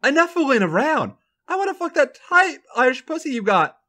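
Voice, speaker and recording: A man voicing a brash, dominant woman wrestler in a strained falsetto that often turns to shouting. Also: very animated, brisk, exaggerated voice. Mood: commanding, eager.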